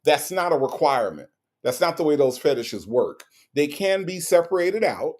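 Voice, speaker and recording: A man's voice: fairly high pitch, animated, moderate pace, darkish tone. A man hosting a live stream, reacting to a case and reading viewer comments in a blunt, mocking, repetitive way.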